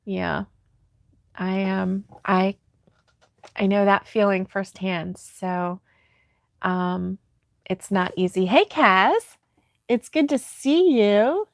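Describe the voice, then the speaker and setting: A woman hosting a relaxed crafting livestream, chatting through viewer comments and breaking into giggles as she goes. She talks unhurriedly and plainly into a close microphone in a dry, dead room. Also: medium pitch, slow pace, gravelly, pauses often, dry recording. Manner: giggly, laughs often, soft-hearted. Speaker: crochet livestream host. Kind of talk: casual chat reading viewer comments.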